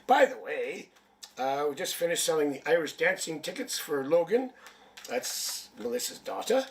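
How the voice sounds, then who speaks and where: A man's voice: on the high side, big pitch swings, normal speed, distant mic. A man from Canada reading tarot on a live stream, chatty and rambling, with jokes, a sniffle and a headache. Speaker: tarot reader.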